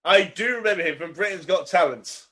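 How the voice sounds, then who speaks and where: A man's voice: high voice, a little fast, fairly bright tone. A man co-hosting a podcast in casual chat, making puns and stumbling over his words. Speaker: podcast co-host.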